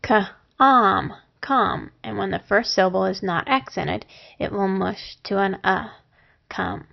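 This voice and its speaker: A woman teaching a phonics lesson, sounding out syllables and words one at a time with long pauses between them. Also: mid-range voice, creaky. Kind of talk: slow, deliberate phonics lesson. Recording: dull lo-fi recording.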